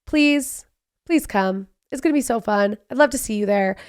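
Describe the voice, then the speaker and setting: A woman in her thirties hosting a casual solo podcast, telling personal stories in a chatty, animated way with quick asides. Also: fairly high pitch, clean tone. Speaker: podcast host.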